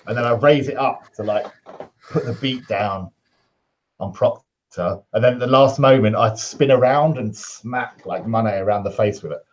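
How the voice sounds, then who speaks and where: A man's voice: medium pitch, normal speed, dull audio. A man playing a tabletop game, talking in a laid-back way. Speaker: player. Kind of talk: casual tabletop game play.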